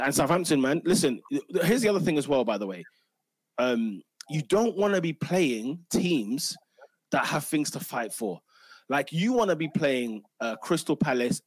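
A man leads a lively football chat, full of slang and quick restarts. His voice sits at an ordinary middle pitch and sounds dry and close. He is talking into a home mic on a video call. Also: no room sound. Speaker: podcast host. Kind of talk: casual football banter.

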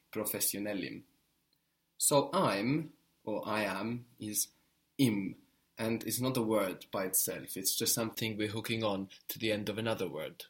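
A man teaching a language lesson, patiently modeling words and encouraging the learner. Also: medium pitch.

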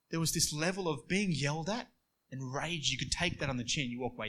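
A man preaching a sermon, moving between quiet storytelling and emphatic passages. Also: medium pitch, moderate pace, husky.

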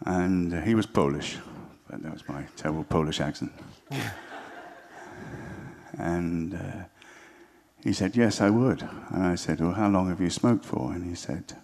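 A man's voice: low voice, a little slow, darkish tone. A man telling an earnest story to a church gathering, acting out both sides of a conversation. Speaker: church member sharing a story. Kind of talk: spoken testimony to an audience.

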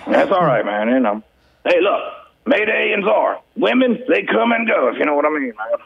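A man's voice: a little high, big pitch swings, normal speed, phone-quality sound, exaggerated voice. A man playing a brash, crude good-ol'-boy character with a drawl, ending nearly every line with "man". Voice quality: gravelly drawl, ends lines with "man". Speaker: radio show character. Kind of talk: comedy character bit.

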